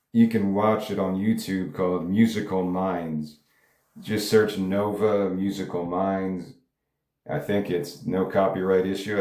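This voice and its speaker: A man's voice: low voice, a little mellow, echoey room. A songwriter talking casually about his music, rambling and stopping himself, with many fillers along the way. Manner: rambling, self-interrupting, frequent filler words. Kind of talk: casual monologue.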